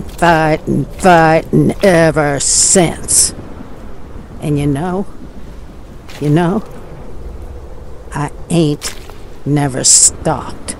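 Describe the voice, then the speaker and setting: Destitute woman ranting in a storm, slow and gravelly delivery, audio drama. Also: deep voice, a little mellow, slight background noise, exaggerated voice. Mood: bitter. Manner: furious ranting, drawling rural speech. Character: destitute older woman raging in the rain. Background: rain.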